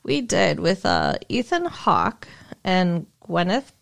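A woman co-hosting a casual podcast, excitable and laughing often. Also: on the low side, takes it slowly, creaky. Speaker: podcast co-host. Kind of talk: casual chat.

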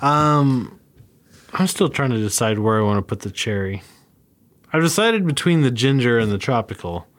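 A man's voice: medium pitch, animated, normal speed. A man co-hosting a podcast, chatting casually and trailing off mid-sentence. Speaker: podcast co-host. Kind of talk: casual chat.

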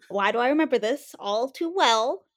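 A woman's voice: high-pitched, a bit bright. A woman in a casual chat, recapping a TV episode and acting out the characters' lines. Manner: chatty, acts out characters' lines while retelling.

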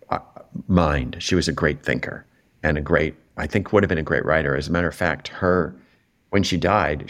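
A middle-aged man talking as an interview guest, telling a personal story in a reflective, animated way, his voice jumping up when he is moved. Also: sits low. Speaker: interview guest, television writer.

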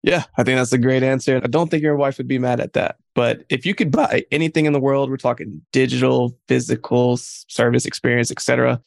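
Relaxed male co-host with gravelly voice. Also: medium pitch, brisk, few pauses. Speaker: podcast co-host. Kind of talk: casual interview.

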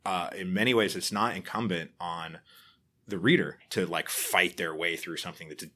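A man's voice: low voice, normal speed. A middle-aged man, a podcaster and author, talking casually in an interview, telling stories animatedly with many restarts. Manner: animated storyteller, acts out quoted people, frequent restarts.

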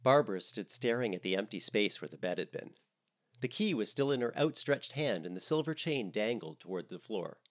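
Lively low-voiced male storyteller. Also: fairly quick. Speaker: narrator. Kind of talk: comedic audiobook narration.

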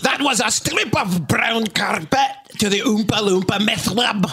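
A man's voice: sits high, measured pace. A man reading a review in a put-on Scottish accent, squealing and theatrical, as a giddy Scottish visitor. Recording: loud noise and laughing crowd.

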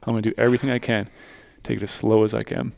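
Podcast co-host, man; low, gravelly voice, animated storyteller, dry sound. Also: racing, no room sound. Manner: animated storyteller, quotes his own thoughts. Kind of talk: casual storytelling chat.

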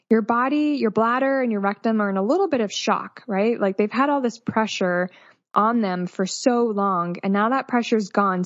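A woman's voice: medium pitch, dry recording. Reassuring woman nurse, dull dry sound. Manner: reassuring, practical explainer. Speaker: postpartum nurse guest. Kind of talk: explanatory advice in interview.

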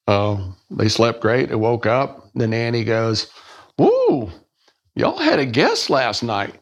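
A middle-aged man, telling a personal story as a podcast guest, halting and restarting his words and acting out the people he quotes. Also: fairly low pitch.

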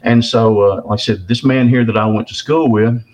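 A man's voice: medium pitch, steady tone, normal speed, a little mellow, slight background noise. An older man from the Texarkana area, telling a long story in a casual, folksy way and often repeating and restarting his words. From Texarkana area, southern US. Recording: dull lo-fi recording.

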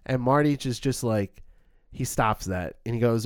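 A man casually reviewing a film as a podcast co-host, animated and acting out quoted lines. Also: mid-range voice, unhurried, smooth, no room sound, clean studio sound.

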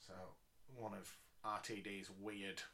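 A man's voice: lowish voice, level tone, takes it slowly, bright, forceful tone. A man co-hosting a casual podcast chat, dry and wry, steering the talk along. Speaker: podcast co-host.

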